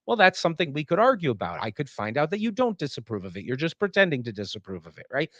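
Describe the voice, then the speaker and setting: A man's voice: a little high, quick pace, no echo, dull audio. A man teaching a philosophy class, lecturing casually and acting out example tones of voice as he explains. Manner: animated, acts out example tones of voice.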